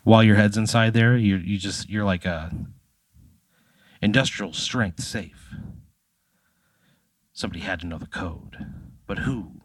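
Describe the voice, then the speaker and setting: A man runs a comedy tabletop game, spinning the story in a loose, chatty way with lots of fillers. His voice sits low, and the sound is dry and close. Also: unhurried, pauses often, no echo. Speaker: game master.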